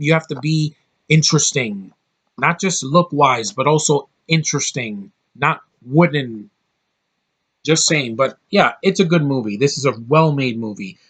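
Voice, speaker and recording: Man, from the US, casual to-camera movie rant, opinionated, curses freely, middle pitch. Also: fairly bright tone. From United States. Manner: blunt, opinionated, swears often, mocking voices. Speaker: movie reviewer. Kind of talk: casual ranting movie review.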